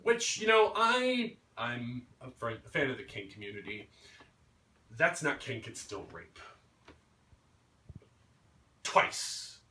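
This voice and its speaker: A man's voice: mid-range voice, sing-song, a little slow, pushed and bright, slight background noise. Man ranting in an echoey room. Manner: ranting, swearing, mocking voices. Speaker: vlogger. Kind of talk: angry movie rant. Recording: roomy echo, mic at a distance.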